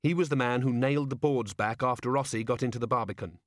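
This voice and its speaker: A man voicing a young werewolf woman officer, brisk and matter-of-fact. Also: mid-range voice, no room sound, studio quality, lightly acted.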